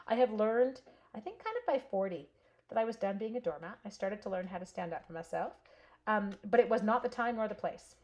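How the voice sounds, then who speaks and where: A woman's voice: mid-range voice, darkish tone, highs cut off. A woman in her forties from Canada hosting a casual live stamping stream, telling a long story while cutting paper and answering viewers by name.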